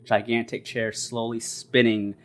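A man, a tabletop game player, calmly describing a scene. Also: mid-range voice, a little slow, slight background noise.

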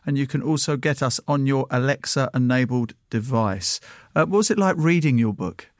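A man hosting a podcast, introducing his guest and asking questions in a brisk, friendly way. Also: medium pitch, no room sound, clean studio sound. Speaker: podcast host. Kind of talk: interview hosting.

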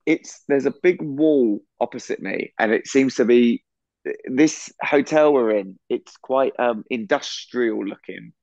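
A man's voice: mid-range voice, a little slow, vocal fry, darkish tone, no room sound, highs cut off. A man co-hosting a podcast from a hotel room, rambling and laughing often. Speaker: podcast co-host. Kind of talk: casual chat over a video call. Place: echoey hotel room, on a bed.

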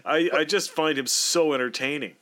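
A man's voice: fairly high pitch, moderate pace, fairly bright tone. A man in casual movie commentary chat, rambling with lots of fillers. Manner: rambling, filler-heavy, laughing asides. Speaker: podcast co-host.

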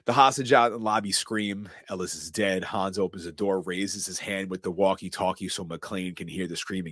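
A podcast host with a very deep voice talks through a film with excited, casual energy. The sound is dry and close. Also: male voice, normal speed, hardly any pauses, dry recording. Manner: excited storytelling, retelling scenes. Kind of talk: casual film recap chat.

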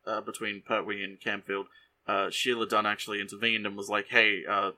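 A man co-hosting a podcast, casually sharing behind-the-scenes trivia in a halting way, full of ums and likes. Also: lowish voice, little pitch movement, pushed and bright, slight background noise. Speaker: podcast co-host.

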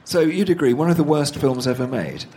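This author guest has a dark tone, a voice on the high side, and a brisk delivery. In a conversational storytelling interview, he relates long anecdotes, voices the characters he quotes, and laughs at his own stories.

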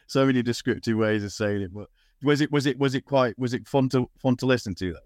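A man's voice: medium pitch, brisk, no room sound, studio quality. A man hosting a casual sports podcast, rambling with lots of restarts and the odd swear word. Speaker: podcast host. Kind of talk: casual chat.

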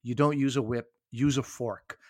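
A middle-aged man hosting a casual food podcast, with a teasing, wry manner and quick banter. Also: mid-range voice, steady tone, darkish tone, no echo, clean studio sound. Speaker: podcast host.

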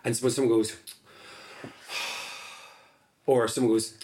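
A man chatting as a podcast guest, animated and swearing freely, acting out other people as he tells stories. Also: medium pitch, takes it slowly, a little hiss or hum. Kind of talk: casual chat.

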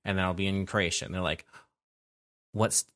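A man from the United States co-hosting a podcast, telling a story in animated casual chat and laughing often. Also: low voice, racing. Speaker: podcast co-host.

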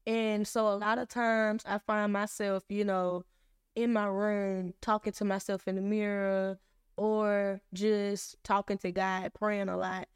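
A woman's voice: mid-range voice, a little slow, clean tone, no room sound, studio quality. A young woman hosting a casual faith podcast, telling personal stories candidly and acting out both sides of conversations. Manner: candid, animated storytelling with acted-out dialogue. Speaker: podcast host.

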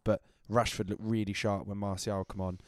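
A man's voice: fairly low pitch, little pitch movement, normal speed, dry recording, clean studio sound. A young man co-hosting a podcast in casual chat, hungover, rambling and laughing as he corrects himself. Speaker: podcast co-host. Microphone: handheld mic.

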